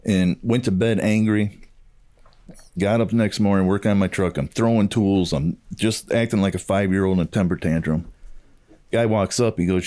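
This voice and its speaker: Middle-aged guy telling his story on a podcast, low mellow voice, acts out the back and forth. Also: steady tone, moderate pace. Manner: storytelling, acts out quoted dialogue. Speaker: podcast co-host. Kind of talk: casual chat, personal testimony.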